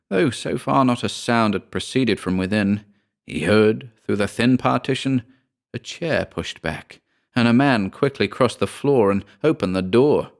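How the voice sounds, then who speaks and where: A deep-voiced man reads a supernatural tale aloud. His delivery is measured and deliberate, in the manner of scripted audiobook narration. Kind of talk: scripted narration of a ghost story.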